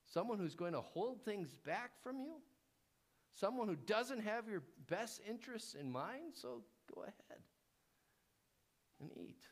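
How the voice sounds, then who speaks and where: A cunning serpent hisses its temptations in a soft, villainous whisper, as a man puts it on mid-sermon. Its questions wheedle and coax. Its pitch sits a little high and swoops up and down. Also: very animated, unhurried, exaggerated voice. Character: sly, coaxing male serpent tempter.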